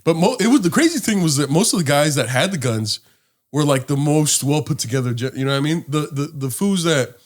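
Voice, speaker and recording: Male podcast co-host, swears a lot while animatedly telling stories, pitched slightly high. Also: brisk. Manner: animated storyteller, acts out quotes, swears freely. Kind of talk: casual chat.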